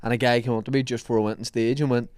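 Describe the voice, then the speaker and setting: A man's voice: medium pitch, little pitch movement, rapid-fire, darkish tone, clear, resonant tone, no room sound, clean studio sound. Man telling stories. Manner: teasing, storytelling. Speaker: podcast co-host, comedian. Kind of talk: casual banter.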